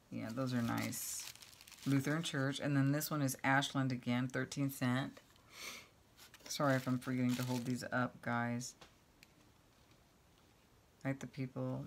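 This fifties-aged craft vlogger has a rumbling low voice as she opens fan mail and chats to the camera. Each item draws gushing exclamations as she reads it out and muses aloud, over a faint hiss or hum.

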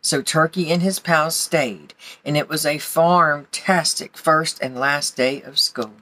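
A woman gently reading a children's picture book aloud to young listeners. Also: sits low, takes it slowly, no room sound. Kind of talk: storybook read-aloud.

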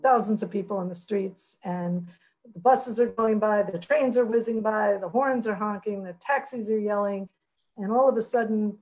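A woman moderating a webcast panel over a video call, wrapping up with thanks and a measured, storytelling delivery. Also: mid-range voice, low-quality recording. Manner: warm storytelling, measured and grateful.

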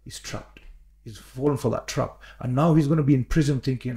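An earnest man talks through a podcast conversation, circling back and repeating himself as he builds his point. His voice carries a gravelly, fried edge, and the tone sits dark and mellow. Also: medium pitch, brisk. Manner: earnest, repeats words, many fillers and restarts. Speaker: podcast guest, imam.

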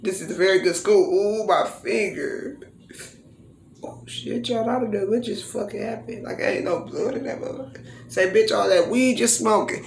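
A woman's voice: medium pitch, normal speed, vocal fry, a little hiss or hum. A woman vlogging casually and breaking into profane, boastful freestyle raps, recorded in her living room. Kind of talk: casual vlog talk with freestyle rapping. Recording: roomy echo in a home.

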